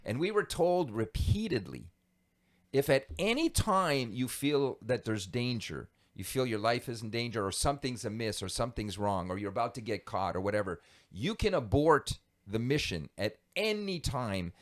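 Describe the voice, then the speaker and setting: A man's voice: medium pitch, normal speed. A man telling a tale from his past as a podcast guest, his voice rising and falling with real animation. He laughs easily and leans into the dramatic beats. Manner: animated, lively storyteller who laughs easily. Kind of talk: conversational storytelling.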